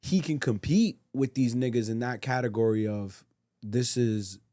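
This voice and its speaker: A man's voice: medium pitch, normal speed, mellow, dry recording, clean studio sound. Blunt emphatic podcast man. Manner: blunt, emphatic, profane opinions. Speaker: podcast co-host. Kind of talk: casual podcast chat.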